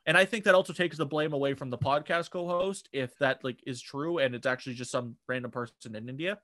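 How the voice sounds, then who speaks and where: A man's voice: mid-range voice, fast, sharp tone, dry recording. Rambling young man, dry close sound. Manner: rambling, lots of fillers and restarts. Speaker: podcast co-host. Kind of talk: casual chat.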